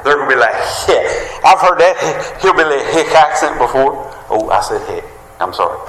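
In an echoey church sanctuary with long reverb, a man with a slightly high, sharp voice and a West Virginia Appalachian accent preaches a folksy sermon. He draws out emphatic phrases and calls for amens, with a little hiss or hum in the recording.

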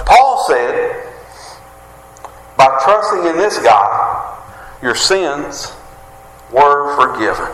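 A man's voice: a little high, a bit bright, a little hiss or hum. A man with a West Virginia Appalachian accent preaching a sermon in a folksy way, calling out for amens. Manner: folksy, calls for amens, drawn-out emphatic phrases. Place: church sanctuary. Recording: echoey hall with long reverb.

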